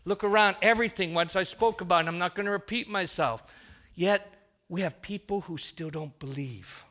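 A man's voice: high voice, normal speed, sharp tone. A man preaching a sermon, emphatic, often restarting his sentences.

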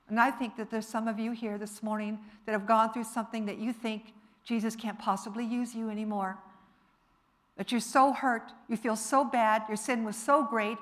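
A woman preacher delivering a sermon in church, emphatic and rising to forceful appeals. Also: on the high side, steady tone, moderate pace.

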